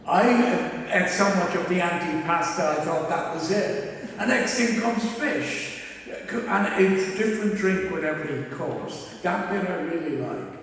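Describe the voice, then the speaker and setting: High-voiced man preaching in an echoey church. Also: expressive, unhurried, a bit bright, a little hiss or hum. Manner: chatty, self-deprecating, chuckles at his own jokes. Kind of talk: anecdotal sermon. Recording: echoey church hall from far off.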